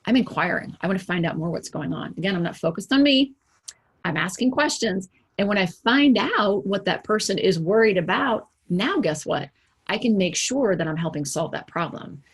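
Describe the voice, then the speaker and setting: Woman, executive coach, husky mid-pitched voice, lively conversational delivery full of rhetorical questions. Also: normal speed. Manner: acts out quoted remarks in livelier voices. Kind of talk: motivational talk to camera.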